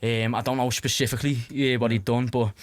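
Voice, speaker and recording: A man's voice: medium pitch, little pitch movement, fast, dry recording. A young man with a Liverpool Scouse accent, casually telling stories as a podcast guest, rambling with lots of filler and swearing. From Liverpool, England. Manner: rambling, heavy fillers and restarts, swears freely. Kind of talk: casual storytelling.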